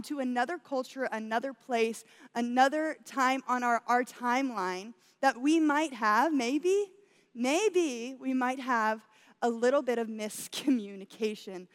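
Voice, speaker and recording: Chatty high-voiced woman preaching in a hall. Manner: chatty, laughs often, says "y'all". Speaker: church speaker. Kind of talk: sermon with personal story.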